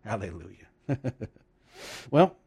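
A man preaching a sermon, animated and emphatic, with laughing asides and dramatic emphasis. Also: on the low side, takes it slowly, slightly rough.

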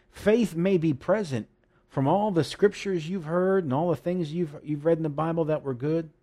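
A man's voice: fairly high pitch, darkish tone. A man preaching a sermon, reading scripture and explaining it emphatically, with jokes and asides.

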